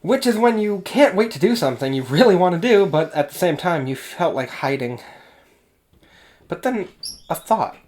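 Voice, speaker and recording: A woman's voice: fairly low pitch, sing-song, moderate pace, a little mellow. A woman co-hosting a podcast, reading fan fiction chapters aloud with giggles and self-mocking asides. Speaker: podcast co-host.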